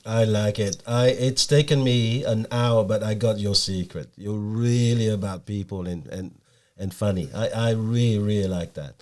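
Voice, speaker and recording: A man's voice: fairly low pitch, normal speed, darkish tone. A man hosting a podcast interview, encouraging and complimentary toward his guest. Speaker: podcast host.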